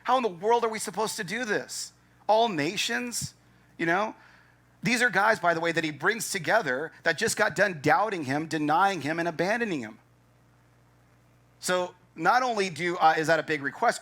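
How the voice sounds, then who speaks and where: A man's voice: high-pitched, normal speed. A man preaching a sermon as pastor, emphatic and conversational, acting out his listeners' doubts. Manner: animated, acts out doubting listeners' thoughts.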